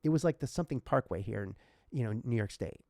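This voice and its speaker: A man's voice: medium pitch, lively intonation, quick pace, darkish tone, no echo, studio quality. A man hosting a casual podcast, telling a personal story in a heartfelt, emotional way. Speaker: podcast host.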